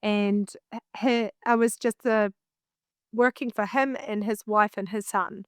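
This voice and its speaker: A woman's voice: mid-range voice, a little slow, clean tone, no room sound. Kiwi woman chatting, tells stories, acts out her thoughts, dry close sound. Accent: New Zealand. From New Zealand. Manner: animated, acts out her own past thoughts. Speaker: guest, singer and vocal coach. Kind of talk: casual storytelling in an interview.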